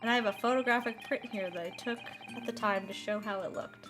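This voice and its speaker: Eager English male detective, as a woman puts him on, brisk witness delivery. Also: medium pitch, over music, close to an everyday voice. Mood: reporting.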